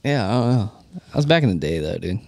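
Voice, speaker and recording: A young man with a lowish voice, teasing his co-host in casual podcast chat. His pitch moves a lot as he jokes, and he trails off into mumbles, recorded close and dry. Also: sing-song, fast, gravelly, darkish tone, no room sound.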